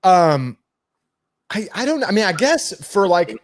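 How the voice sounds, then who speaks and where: A man's voice: high voice, big pitch swings, a little slow. A man in his forties, from Kentucky, chatting casually on a livestream, rambling and laughing as he goes. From Louisville, Kentucky. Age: 40s. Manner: rambling, self-correcting, laughs often. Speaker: guest.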